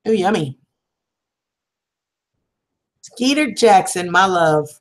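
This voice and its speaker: Chatty woman with a lowish voice. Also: lively intonation, slow pace. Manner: affectionate, chatty, calls viewers sweetheart and hon. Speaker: livestream host. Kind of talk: casual livestream chat with viewers.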